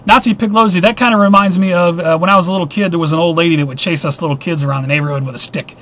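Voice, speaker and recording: Middle-aged male host, high pitch, casual news roundup, sarcastic opinionated asides. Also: fairly even intonation, racing, fairly bright tone, a little hiss or hum.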